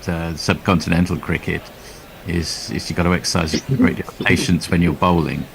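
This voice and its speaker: A man from Australia, commentating on cricket in a dry, wry, measured way. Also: deep voice, fairly even intonation, vocal fry, a little hiss or hum. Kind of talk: laid-back cricket commentary.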